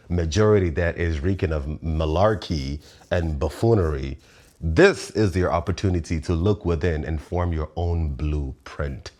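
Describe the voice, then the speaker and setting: A man in his thirties with a low, deep voice hosts his own show with a loose philosophical monologue. He is animated and laughs often between points. He swears freely and bluntly. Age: 30s. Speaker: show host.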